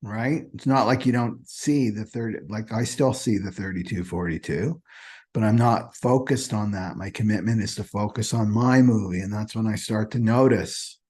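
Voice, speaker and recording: With a lowish, somewhat mellow voice and a breathy edge, the astrology host speaks at normal speed. His spiritual talk is casual, loose, and repetitive, and he often checks in by saying "right?".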